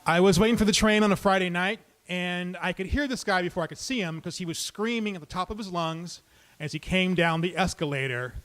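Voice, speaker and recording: A man's voice: high voice, a little fast, fairly bright tone. A man telling a true personal story live on stage, talking conversationally and dropping in comic asides.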